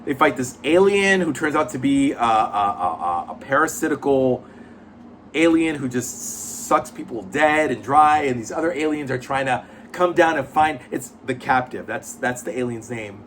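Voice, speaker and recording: A man's voice: medium pitch, lively intonation, moderate pace, fairly bright tone, a little hiss or hum. A man reviewing comic books in casual chat, blunt, profane and rambling with many fillers.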